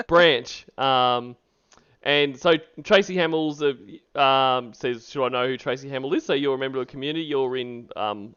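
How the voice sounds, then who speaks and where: A man chats casually on a stream, rambling and laughing as he goes. His pitch moves a lot, and his voice stays smooth and clear. The audio is a little dull and lo-fi. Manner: laughs often, rambling shout-outs. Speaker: streamer host.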